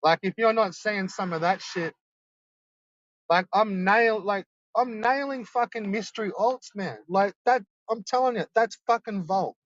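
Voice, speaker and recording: A man's voice: high voice, measured pace, a bit bright, no room sound. Ranting, foul-mouthed man. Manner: profane, insistent, ranting. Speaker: livestreamer. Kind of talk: rambling livestream rant. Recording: dull lo-fi streaming mic.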